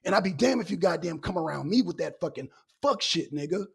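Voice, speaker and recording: A woman co-hosting a live talk stream, ranting with constant swearing, loud bursts that trail off low. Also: animated, brisk, vocal fry, husky. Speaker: co-host. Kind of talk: heated profane rant on a live talk stream.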